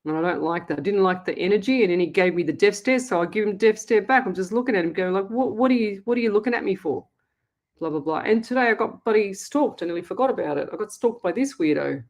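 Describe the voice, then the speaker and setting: A woman's voice: fairly low pitch, lively intonation, quick pace, few pauses, darkish tone. A middle-aged Australian woman, a psychic medium hosting a live call-in show, talking in a chatty, blunt and scolding way. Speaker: psychic medium radio host. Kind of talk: live call-in reading, casual chat.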